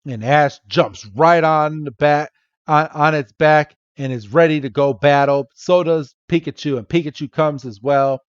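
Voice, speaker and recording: Slow-talking man recapping a cartoon. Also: a little high, clear, resonant tone, no echo, dull audio. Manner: playful, acts out the characters' lines. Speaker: podcast host. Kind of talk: casual episode recap.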